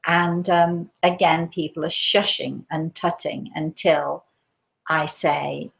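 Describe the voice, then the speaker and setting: An English woman, a spiritualist medium, telling a story live and dropping to a hushed, gentle voice when quoting herself. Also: low voice, little pitch movement, slow, vocal fry, rough recording.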